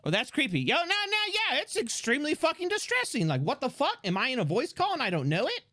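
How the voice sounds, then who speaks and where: A man streaming live, chatting excitably, swearing and rambling with restarts into a desk microphone. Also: very high voice, fast talker. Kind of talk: casual live-stream chat.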